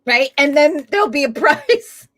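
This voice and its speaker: Lively, chatty woman livestreaming. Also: high voice, a little slow. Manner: chatty, swearing, laughing often. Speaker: livestream host. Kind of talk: casual live-stream chat. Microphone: webcam setup at a desk.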